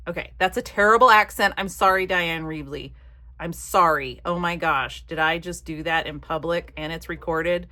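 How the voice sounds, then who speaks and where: A woman's voice: lowish voice, normal speed, pushed and bright. Chatty woman crafting and muttering asides. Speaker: craft vlogger. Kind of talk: casual chat while crafting.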